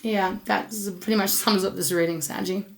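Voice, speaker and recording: A woman's voice: medium pitch, fairly even intonation, moderate pace, vocal fry, slight background noise. A woman giving a tarot reading to her viewers, emotional and affectionate, gushing and repeating her words. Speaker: tarot reader.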